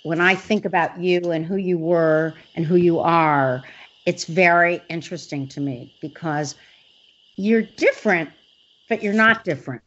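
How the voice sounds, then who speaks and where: A woman's voice: on the low side, a little slow. A woman interviewing a guest, asking questions and affirming her answers. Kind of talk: conversational interview. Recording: dull lo-fi audio.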